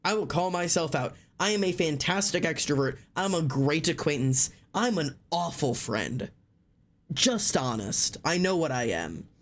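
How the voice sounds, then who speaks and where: Brief: higher-voiced man streamer, animated casual chat, lots of "like", swears freely. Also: normal speed, hardly any pauses. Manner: excitable, chatty, repeats words, says like often.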